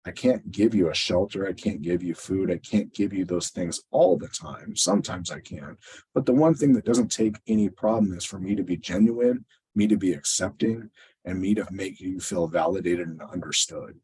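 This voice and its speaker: A man presenting a training webinar, talking conversationally and often checking in with a quick question to his listeners. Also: sits low, warm tone, slightly rough, low-quality recording. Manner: conversational, tag questions, fillers; acts out quoted exchanges.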